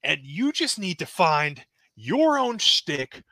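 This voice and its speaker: A man's voice: a little high, sing-song, slow pace, sharp tone, no echo, voice pushed up, exaggerated voice. A man voicing an impression of a condescending veteran male wrestler who lectures a rival, mocking him and repeating words. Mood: smug.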